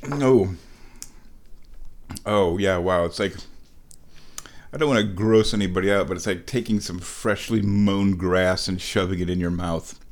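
A man's voice: low voice, a little slow, long pauses, darkish tone. A man hosting a casual vlog, making tea in his kitchen and talking playfully to himself as he goes. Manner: playful, talks to himself while working, hums. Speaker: vlog host. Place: house, kitchen indoors.

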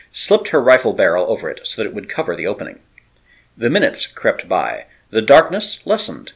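Husky-voiced man narrating with lively drama. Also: mid-range voice. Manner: expressive, dramatic storytelling. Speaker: audiobook narrator. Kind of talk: scripted narration of an adventure novel.

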